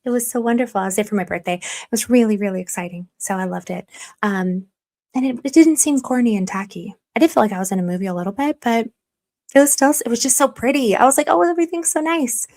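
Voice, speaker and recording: A young woman with a medium-pitched, slightly mellow voice talks at a quick pace while hosting a casual live stream. She chats freely, reads comments out, mocks herself, and teases her audience with fake stern warnings.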